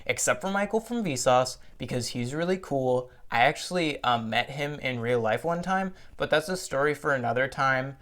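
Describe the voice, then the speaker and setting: A young man telling a comedic story as a vlogger, rambling and profane, with bursts of loud exaggerated voices. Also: medium pitch, expressive, moderate pace, hardly any pauses.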